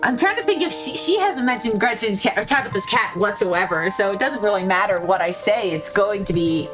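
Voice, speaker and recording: A woman's voice: medium pitch, lively intonation, fairly quick, over music. A woman streaming a visual novel, giggling and joking as she reads choices aloud in a casual, playful way. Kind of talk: casual let's-play commentary.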